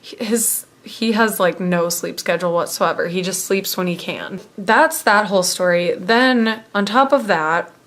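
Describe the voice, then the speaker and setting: A woman's voice: mid-range voice, fairly bright tone. A young woman telling a casual personal story to camera, rambling and full of fillers. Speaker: vlogger.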